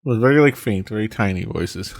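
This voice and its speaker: Low-voiced, hesitant game master. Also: male voice, lively intonation, normal speed, gravelly, no room sound. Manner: hesitant, many fillers and restarts. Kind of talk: narrating a tabletop game.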